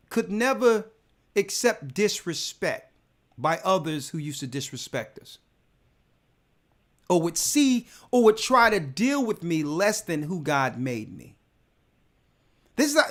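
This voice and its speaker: A man's voice: high voice, a bit bright. A man, a church elder, telling a personal testimony in casual speech, emphatic and often repeating words as he builds his point.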